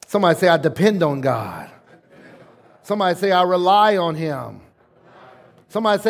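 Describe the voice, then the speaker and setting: A man's voice: high voice, very animated, moderate pace, gravelly, long pauses. A man pastor preaching a sermon, emphatic, leading the congregation in call-and-response.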